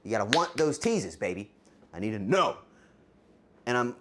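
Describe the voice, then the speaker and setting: A man's voice: mid-range voice, big pitch swings, normal speed, long pauses, a bit bright. A man hosting a live cooking stream, chatting with viewers in a playful, teasing way. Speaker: streamer, cooking show host.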